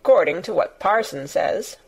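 A woman's voice: fairly low pitch, lively intonation, unhurried, creaky, breathy edge, heavily acted. A woman doing a grumbling old gardener. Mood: curt. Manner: grunting, grumbling, curt. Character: grumbling old male gardener, gruff and cross.

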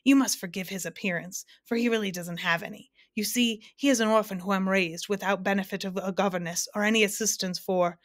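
A woman's voice: medium pitch, fairly even intonation, a little fast, hardly any pauses, no room sound, clean studio sound, natural voice. A woman reading a storybook aloud, voicing a fussy male doctor who explains and persuades. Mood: persuasive. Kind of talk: storybook narration.

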